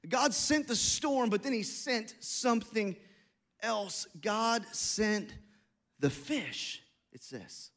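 A middle-aged pastor with a notably high voice delivers a sermon. He is animated, slipping into quick asides and little acted voices to make his points.

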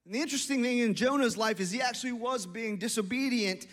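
A middle-aged pastor with a notably high voice delivers a sermon. He is animated, slipping into quick asides and little acted voices to make his points.

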